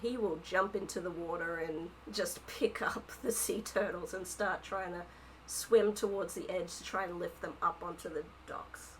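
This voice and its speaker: A woman's voice: fairly low pitch, normal speed, slight background noise, rough recording. A woman running a tabletop game as game master, narrating with frequent fillers.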